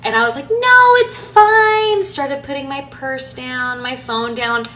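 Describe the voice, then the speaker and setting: Bright chatty woman answering follower questions. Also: high-pitched, flat delivery, normal speed, soft background music. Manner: chatty and rambling, many fillers and restarts. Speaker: home renovation designer and social media creator. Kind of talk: casual Q&A chat to followers. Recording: somewhat distant from the mic, faint room noise.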